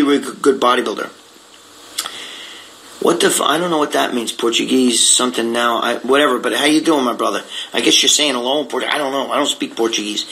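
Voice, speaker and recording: A man's voice: mid-range voice, sharp tone, low-quality recording. An older man talking in an unfiltered live chat, rambling and blunt, swearing freely as he tells stories and answers viewer comments. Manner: rambling, profane, blunt storytelling. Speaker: guest reading viewer comments.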